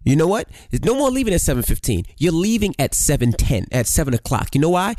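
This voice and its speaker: A man's voice: fairly high pitch, very animated, fast, darkish tone, no room sound, clean studio sound. A man in his forties co-hosting a podcast, ranting bluntly and profanely in casual chat with his wife. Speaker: podcast co-host.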